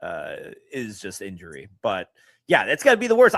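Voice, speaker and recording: A man's voice: fairly low pitch, wildly swooping pitch, moderate pace, a bit bright, no room sound. A man co-hosting a casual podcast chat, laughing often and restarting his sentences. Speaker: podcast co-host.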